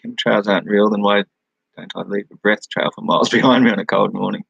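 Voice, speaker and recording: A man's voice: lowish voice, steady tone, fast, vocal fry, a bit bright, breathy edge, dry recording, dull audio. An Australian man from New South Wales hosting a casual live chat over a webcam, rambling, swearing freely and laughing at his own remarks. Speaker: live-stream host.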